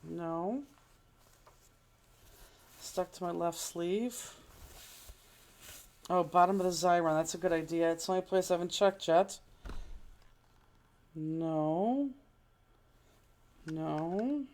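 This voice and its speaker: A woman's voice: lowish voice, takes it slowly, pauses often, darkish tone. A woman teaching a live online crafting class in casual, chatty talk, exclaiming and fretting as she looks for things, sometimes moving away from the mic. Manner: chatty, exclaiming, fretful while searching.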